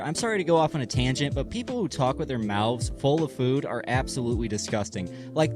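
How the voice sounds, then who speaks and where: A man doing a sarcastic commentary voice-over as a YouTuber. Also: a little high. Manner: sarcastic, salty.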